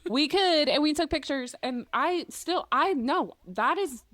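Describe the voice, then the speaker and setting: Woman, podcast co-host, slightly high and dry, playful storyteller. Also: no echo. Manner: animated, playful storytelling with quick asides. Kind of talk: casual chat.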